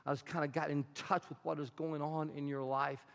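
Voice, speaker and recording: A male pastor preaching a sermon in a church, telling a story with animated, rising emphasis. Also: a little high, fairly quick, vocal fry. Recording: long hall reverb.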